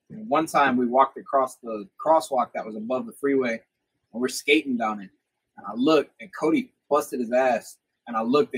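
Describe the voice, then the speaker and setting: A man's voice: mid-range voice, breathy edge, rough recording. A young man hosting a podcast, telling rambling, profanity-laced stories from his youth in casual chat. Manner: swears a lot, rambling anecdotes. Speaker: podcast host.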